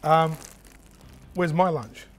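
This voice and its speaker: A man's voice: fairly high pitch, takes it slowly, slight background noise. A man who jokes and banters while he works on a build. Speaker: show host assembling furniture. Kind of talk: casual chat while working.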